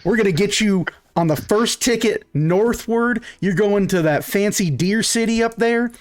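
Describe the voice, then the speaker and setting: A man's voice: sits high, animated, normal speed, no echo, pitched above the performer's own voice. A man voicing a tall, beefy Firbolg mother who is brash and pushy, with a folksy drawl and pet names. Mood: excited. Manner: folksy, bossy, calls people honey and darling.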